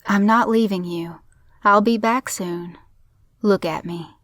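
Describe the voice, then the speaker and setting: Brief: woman doing a soft-spoken cowboy father, tender and pleading, dry close mic. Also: medium pitch, slow pace, no room sound. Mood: soothing. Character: gentle young cowboy father.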